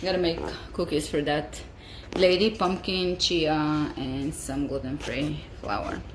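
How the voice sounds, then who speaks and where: Woman home baker, low-pitched, eager and chatty, echoey kitchen with faint background noise. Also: slow. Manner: enthusiastic, chatty, tasting as she talks. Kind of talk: casual cooking vlog.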